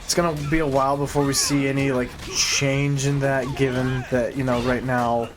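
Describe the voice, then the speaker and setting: A man's voice: mid-range voice, moderate pace, music in the background. A man live-streaming a video game, casually thinking aloud as he plays. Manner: relaxed, thinking aloud while playing.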